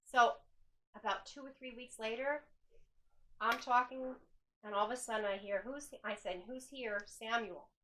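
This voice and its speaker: A woman's voice: on the high side, moderate pace, a little hiss or hum, rough recording. A woman who runs a hotel, telling her ghost encounters in casual storytelling and acting out the voices she quotes, recorded indoors in an old hotel. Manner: animated, acts out quoted voices. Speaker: hotel owner leading ghost hunts.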